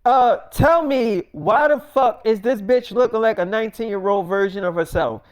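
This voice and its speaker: A man voicing a brash, indignant young actress who talks loud and swears a lot, in an improvised spoken story. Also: mid-range voice, animated, moderate pace, clean tone, no echo, clean studio sound, natural voice. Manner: loud, profane, exasperated.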